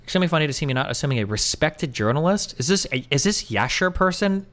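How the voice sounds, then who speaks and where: A man streaming live, chatting loosely with his audience and answering chat; he rambles, doubts himself out loud and swears casually. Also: a little high, animated, fast talker.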